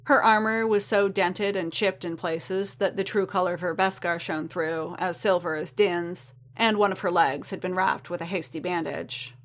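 Brief: woman narrator, lowish voice, steady storybook reading. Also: moderate pace, hardly any pauses. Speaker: reader.

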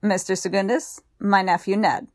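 A woman's voice: mid-range voice, steady tone, normal speed, no echo, close to an everyday voice. A woman reading the part of a dry, teasing middle-aged man with a Yorkshire accent. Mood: cheerful.

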